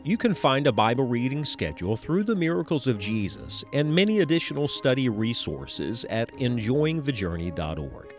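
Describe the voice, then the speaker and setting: A male radio announcer reads a scripted outro. His voice is lively and moves a lot in pitch, and soft music plays quietly underneath. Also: moderate pace, hardly any pauses. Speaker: program announcer.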